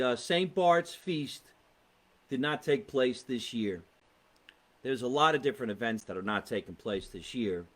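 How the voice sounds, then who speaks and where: A man's voice: mid-range voice, fairly bright tone. A man with a New Jersey accent, a comedian hosting a casual live podcast, chatting and reading out viewer comments in a rambling way. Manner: chatty, rambling, exasperated asides.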